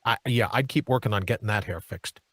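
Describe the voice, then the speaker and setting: A man's voice: lowish voice, a little fast, fairly bright tone, slightly rough, no room sound. A man hosting a political talk show in a studio, delivering an emphatic monologue full of hammering rhetorical questions and mocking asides.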